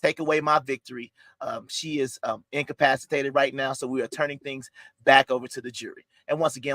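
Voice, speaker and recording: A man hosting a podcast in mock-trial style, theatrical and halting, with playful mock outrage. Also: medium pitch, fairly even intonation, a bit bright, no room sound. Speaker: podcast host.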